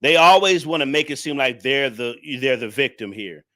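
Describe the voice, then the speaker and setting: A man hosting a livestream scolds his viewers in a preachy, repetitive rant. His medium-pitched voice has lively intonation at a moderate pace, with a bright, forceful tone.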